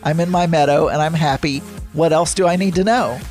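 A man's voice: fairly high pitch, a little fast, darkish tone, soft background music, lightly acted. A man voicing a gloomy cartoon pig who hides from the news, in a plain reading voice. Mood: glum.

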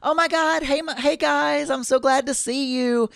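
A man's voice: very high-pitched, fairly even intonation, moderate pace, vocal fry, a bit bright, no room sound, studio quality, pitched above the performer's own voice, heavily acted. A man putting on a gushing bubbly woman realtor. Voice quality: gushing, bouncy. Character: bubbly, excitable woman realtor, middle-aged.

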